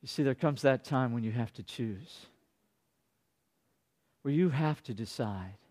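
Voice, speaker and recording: A male pastor preaching a sermon, dropping to hushed tones and rising to loud, dramatic peaks. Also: lively intonation, measured pace. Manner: dynamic, swinging from hushed to booming.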